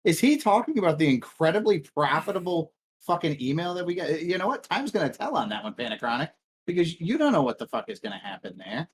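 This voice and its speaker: A man's voice: a little high, very animated, fast talker, a little hiss or hum. A man co-hosting a podcast in casual crude, sarcastic banter. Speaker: podcast co-host. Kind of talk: casual chat.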